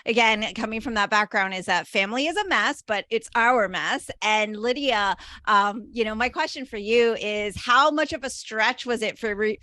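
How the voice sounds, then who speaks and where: A woman interviewing film stars, animated and chatty, with many fillers. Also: fairly high pitch, no room sound. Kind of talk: casual interview talk.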